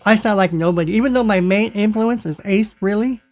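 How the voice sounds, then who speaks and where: Over electric guitar in the background, a fairly quick man whose voice sits high chats through his effects setup like a casual tutorial. He sounds playful and amused with himself, laughing softly between comments.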